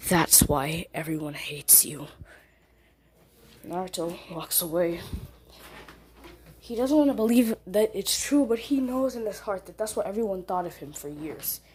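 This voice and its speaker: A woman's voice: mid-range voice, expressive, moderate pace, mellow. A young woman casually retelling a fan story, rambling, self-correcting and full of fillers.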